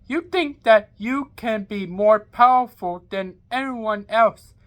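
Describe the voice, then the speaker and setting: A woman's voice: on the high side, takes it slowly. A woman voicing a proud male sultan in an amateur read-aloud story, speaking firmly. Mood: defiant.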